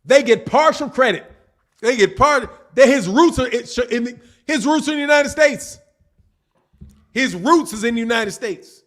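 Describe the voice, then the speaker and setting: A man with a fairly high voice hosts a casual boxing live stream. He reads viewers' chat messages aloud, reacting in a loose, slangy and animated way. He laughs often and talks straight to his audience. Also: normal speed. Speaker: boxing channel host reading live chat.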